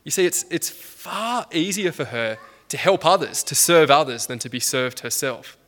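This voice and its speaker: A man with a bright, forceful voice preaches a Sunday sermon. He talks conversationally, restarting phrases and asking his listeners rhetorical questions. His delivery sounds like everyday talk more than oratory. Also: on the high side, animated, moderate pace.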